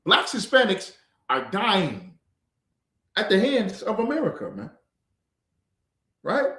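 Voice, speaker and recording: A man's voice: sits high, huge pitch swings, takes it slowly, bright, forceful tone, reverberant. A man teaching a livestreamed scripture class, lecturing emphatically with rhetorical questions.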